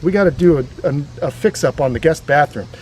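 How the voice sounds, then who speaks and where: A man's voice: a little high, quick pace, darkish tone, a little hiss or hum. A man hosting a casual educational vlog outdoors on a grassy lawn, explaining reptiles with chatty enthusiasm. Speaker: reptile sanctuary host.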